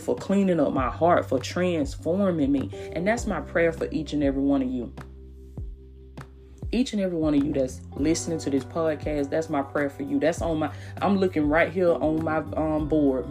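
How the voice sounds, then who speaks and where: A woman hosting a devotional podcast, preaching in a hushed, half-whispered voice from a small closet, repeating phrases and calling listeners "baby.". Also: low-pitched. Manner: repetitive, calls listeners "baby" and "y'all". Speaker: podcast host.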